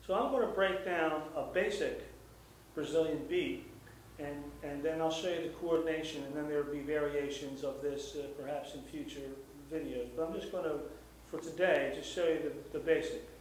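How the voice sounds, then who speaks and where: A man's voice: on the high side, normal speed, slight background noise. Man teaching guitar in an echoey room. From United States. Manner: relaxed explaining with many fillers, scats rhythms aloud. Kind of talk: instructional guitar lesson. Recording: echoey room, mic at a distance, guitar playing.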